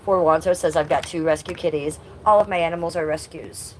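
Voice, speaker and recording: A woman's voice: low voice, fairly even intonation, fairly quick, slight background noise. Blunt woman in her fifties, livestream host. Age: 50s. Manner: blunt, swears at rude chatters; sing-song baby talk to her cat. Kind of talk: casual livestream chat.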